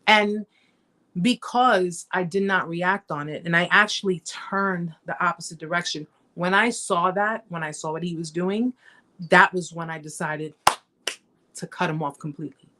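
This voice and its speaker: A woman's voice: lowish voice, moderate pace, bright, forceful tone. A middle-aged woman hosting a live chat, telling her own story in an emphatic, repetitive way and often speaking straight to her viewers. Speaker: host of a survivor support live chat. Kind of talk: emotional live-stream storytelling.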